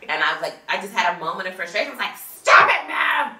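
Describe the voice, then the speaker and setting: A woman's voice: lowish voice, very fast, roomy sound, recorded from a distance. A woman co-hosting a casual podcast chat about parenting and movies, telling stories emphatically. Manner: animated, emphatic storytelling. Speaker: podcast co-host.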